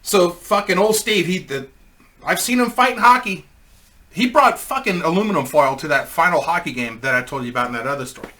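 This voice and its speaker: Guy with a bright punchy voice rambling thru a crude funny story, laughing at his own jokes. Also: fairly high pitch, brisk. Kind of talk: casual comedic anecdote.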